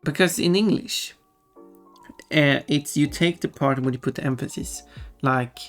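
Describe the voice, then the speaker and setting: Streamer, slow easy chat, mid pitch, amused, faint music under it. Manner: chatty, musing, laughs often. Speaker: livestreamer reading chat. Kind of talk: casual livestream chat. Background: faint background music.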